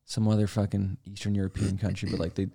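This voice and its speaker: A man's voice: sits low, monotone, fast talker, vocal fry, mellow, husky. A man co-hosting a casual podcast chat, swearing freely and telling stories in a loose, rambling way. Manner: swears freely, tells stories with mimicked voices. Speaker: podcast co-host.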